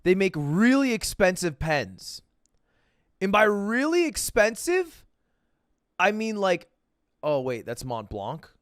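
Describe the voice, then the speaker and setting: A man's voice: high-pitched, huge pitch swings, slow, long pauses, no echo, clean studio sound. A young man streaming and chatting casually with viewers, telling a story and acting out the voices of the people in it. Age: young adult.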